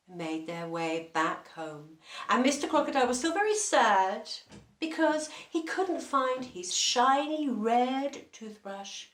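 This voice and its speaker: A woman telling a children's story, slow and lively, asking the listeners questions. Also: a little high. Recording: roomy echo.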